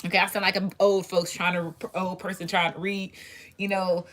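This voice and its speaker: A woman's voice: lowish voice, level tone, moderate pace, fairly bright tone. A woman hosting her own tarot channel, talking loosely and profanely with lots of restarts and asides. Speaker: tarot reader and channel host. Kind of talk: casual chat.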